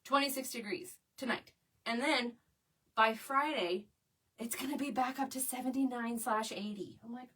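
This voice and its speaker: A woman's voice: on the high side, normal speed, fairly bright tone, husky. A middle-aged woman, hosting a crafting live stream in a chatty, easy-laughing way and greeting viewers. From Oklahoma. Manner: chatty, reads viewer comments aloud, laughs easily. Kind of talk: casual live-stream chat. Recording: voice a bit far from the mic.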